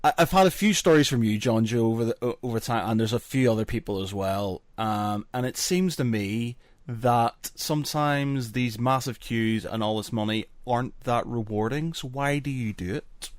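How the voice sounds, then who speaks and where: A man's voice: medium pitch, moderate pace, no echo. A man hosting a podcast, asking questions and reading out live chat comments. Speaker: podcast host. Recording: dry close sound.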